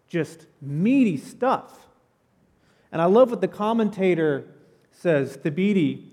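High-voiced man preaching, casual and animated. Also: big-room sound. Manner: conversational, animated storytelling with casual asides. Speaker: pastor. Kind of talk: sermon. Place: church sanctuary.

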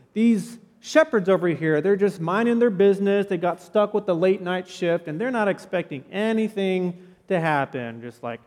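A pastor giving a sermon in a church, telling the story in a conversational, animated way with casual asides. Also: male voice, high voice, long reverb tail. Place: church sanctuary.

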